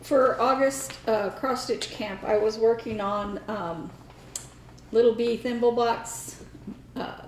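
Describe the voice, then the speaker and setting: A woman's voice: on the high side, steady tone, takes it slowly, recorded from a distance, slight background noise. A woman co-hosting a casual crafting chat, wry and matter-of-fact about her own work. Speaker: podcast co-host. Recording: roomy echo.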